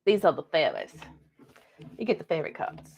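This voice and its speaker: A woman's voice: low-pitched, wildly swooping pitch, normal speed, gravelly, dull audio, slight background noise. A woman hosting a live stream card reading, chatting and laughing between the messages she reads aloud. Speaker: card reader.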